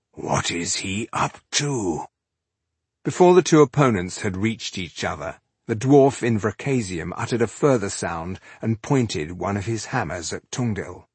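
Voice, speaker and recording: A man narrates an audiobook at a measured, even pace. His voice is low and husky, recorded close and dry with no room sound. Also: no echo.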